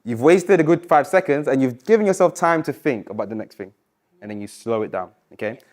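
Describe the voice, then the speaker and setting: A man coaching a live public speaking workshop, encouraging and lively, slowing down and dropping his voice to stress points. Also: medium pitch. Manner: energetic, encouraging, varies pace and loudness for emphasis. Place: university lecture room.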